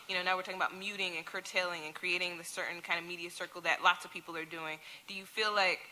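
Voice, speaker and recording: Very bright-voiced woman moderator. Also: lowish voice, slight background noise. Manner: loose, searching questions with fillers. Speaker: panel moderator. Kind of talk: moderating a panel discussion. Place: symposium panel room.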